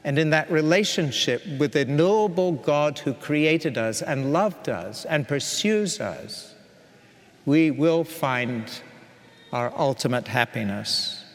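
A man preaching a sermon in an earnest, measured way, with emphatic repetition. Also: fairly high pitch, animated. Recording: long hall reverb.

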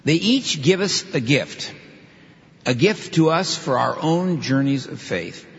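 A male preacher reads a scripture passage aloud and then explains it with emphatic asides. His pitch moves widely as he leans into key lines. The sound is dull and muffled, with long reverb hanging in a large church hall. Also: expressive, slow pace, vocal fry. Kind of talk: sermon with scripture reading.

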